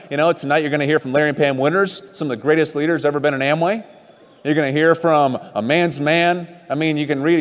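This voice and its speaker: Middle-aged male motivational speaker, slightly high voice, emphatic storyteller, big echoing hall. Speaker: motivational speaker at a business event. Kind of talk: motivational stage speech. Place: large event hall. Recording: long hall reverb.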